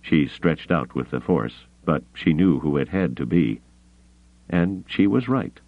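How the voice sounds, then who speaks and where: Super deep guy reading a novel, lots of swing in his voice, sounds like over a phone. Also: no echo. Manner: dramatic, expressive reading with measured pauses. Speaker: audiobook narrator. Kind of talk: scripted novel narration. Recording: tinny phone-like audio.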